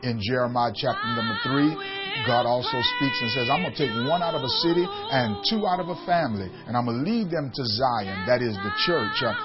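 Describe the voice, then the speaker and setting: Bishop preaching on muffled radio. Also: male voice, medium pitch, animated, fairly quick, over loud music. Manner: rising to emphatic calls with repeated questions. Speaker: bishop and pastor. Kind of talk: radio sermon.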